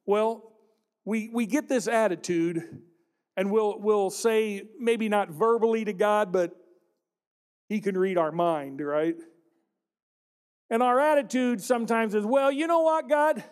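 High-voiced man preaching a sermon. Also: slow pace, long pauses, clear, resonant tone. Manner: conversational preaching with rhetorical questions to the congregation. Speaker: pastor.

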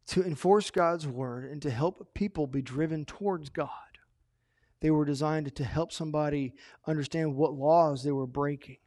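A male pastor preaches with a lively, animated delivery, jumping from loud emphasis down to hushed asides. His voice sits high for a man. The sound is dry and close, with no room echo. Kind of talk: sermon.

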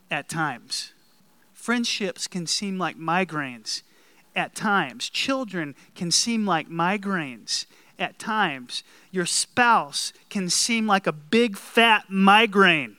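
A pastor preaching a conversational sermon, building emphasis on key lines and laughing at himself now and then. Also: male voice, high-pitched, sharp tone, smooth, no echo.

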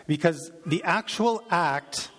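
A man's voice: a little high, takes it slowly, fairly bright tone. Man preaching through a scripture passage. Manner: reflective, with fillers and restarts. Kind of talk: sermon reading and teaching from scripture.

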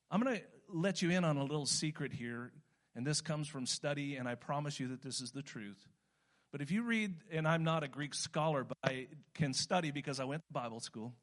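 An older American man, a pastor, preaching a sermon in a conversational way that turns animated when he stresses a point. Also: fairly high pitch. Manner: conversational, rising to animated emphasis.

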